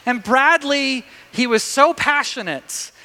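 A high-pitched male preacher with a bright, forward voice. He tells his story animatedly and often restarts his sentences. The sound rings with the long reverb of a church hall. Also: lively intonation, slow, vocal fry. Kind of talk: sermon.

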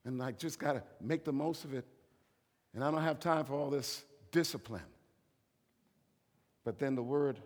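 A man preaching a sermon as a bishop, telling a story and swinging between hushed whispers and loud, emphatic preaching. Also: mid-range voice, moderate pace, long pauses, big-room sound.

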